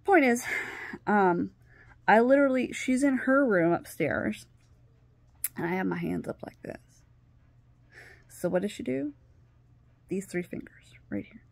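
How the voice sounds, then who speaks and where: A middle-aged woman telling a personal story on her video channel, animated, acting out what others said and sometimes dropping to a whisper. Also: mid-range voice, unhurried, vocal fry, pauses often, no room sound. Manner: animated, acts out quoted dialogue, drops to whispers. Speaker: vlogger.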